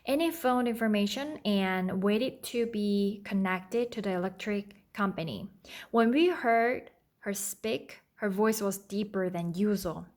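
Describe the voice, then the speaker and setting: A woman, a native Korean speaker, reading a children's book aloud at an unhurried pace, stopping to explain and sometimes stumbling. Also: medium pitch, darkish tone. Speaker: read-aloud tutor. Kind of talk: storybook read-aloud with explanations.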